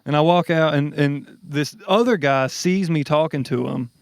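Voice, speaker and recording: A man co-hosting a podcast, telling a story in casual chat, animated and swearing freely. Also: fairly high pitch, normal speed, vocal fry, no room sound, studio quality. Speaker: podcast co-host.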